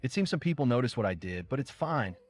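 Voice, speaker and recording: Gabriel, a scheming calm priest, as a man reads him. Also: mid-range voice, quick pace. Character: smooth, scheming male priest.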